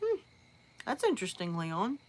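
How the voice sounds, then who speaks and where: A woman's voice: mid-range voice, wildly swooping pitch, normal speed. A woman who narrates horror, chatting casually on a live stream and telling a story in a rambling way.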